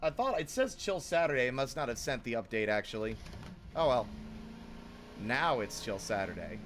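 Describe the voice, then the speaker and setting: A man streaming a game, chatting casually and answering his chat in an animated way. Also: medium pitch, normal speed. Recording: clear background noise.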